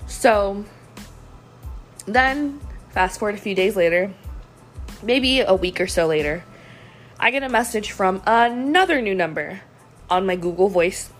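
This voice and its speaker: A woman's voice: mid-range voice, expressive, measured pace, long pauses, soft background music. Young woman, casual storytime vlogger, slightly sick and throaty, frank, chatty, filler-heavy delivery.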